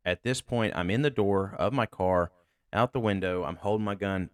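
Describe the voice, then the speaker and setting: A deep-voiced man, a deputy hosting his own show, recounts a call in casual, candid speech laced with profanity. The sound is dry and close, with no room around it. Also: normal speed, no room sound. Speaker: sheriff's deputy and podcast host. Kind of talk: casual storytelling.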